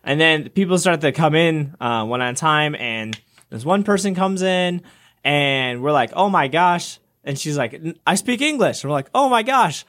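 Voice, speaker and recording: Animated young man telling a story. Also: moderate pace. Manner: animated storyteller, acts out quotes with jumps in pitch. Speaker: podcast co-host. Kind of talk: casual storytelling chat.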